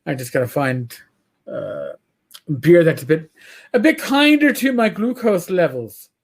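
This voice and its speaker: A man's voice: a little high, a little slow. A man with a New York accent, co-hosting a casual livestreamed podcast. He talks in a profane, rambling way, telling stories as he goes. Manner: profane, rambling, animated storyteller. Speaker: podcast co-host.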